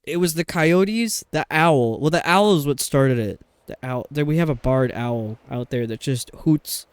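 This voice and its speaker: A man's voice: fairly high pitch, unhurried, clear, resonant tone, dry recording. A young adult man streaming a game, chatting in a rambling, casual way with lots of fillers. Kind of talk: casual chat while playing a game.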